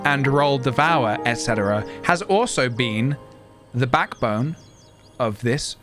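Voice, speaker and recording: A man streaming a game live, talking in a wry, deliberate way and choosing his words carefully. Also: mid-range voice, animated, over music.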